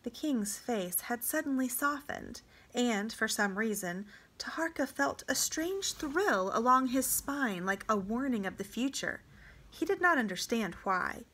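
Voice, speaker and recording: A woman reading a novel aloud for a homeschool class, narrating in an even, measured way. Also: a little high, breathy edge.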